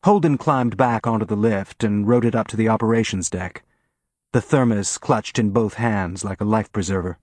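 A man narrating an audiobook in a steady, even reading voice on a close mic. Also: fairly low pitch, moderate pace, no echo. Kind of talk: scripted narration.

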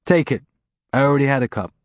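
A blunt, offhand ship mechanic with a casual mouth, as a narrator puts him on. The voice stays near the reader's own, in a dry, close audiobook recording. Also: male voice, medium pitch, fast, dry recording, pitched above the performer's own voice, close to an everyday voice.

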